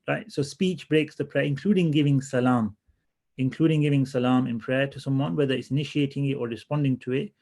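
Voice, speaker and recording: A man teaching a religious class in a relaxed, conversational way, often restarting his sentences as he thinks aloud. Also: mid-range voice, brisk. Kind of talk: casual classroom lesson.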